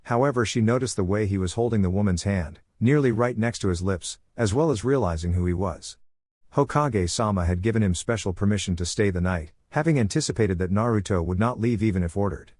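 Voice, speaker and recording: A man narrating a fan-fiction story as an audiobook in a steady, even reading. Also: lowish voice, brisk, no echo.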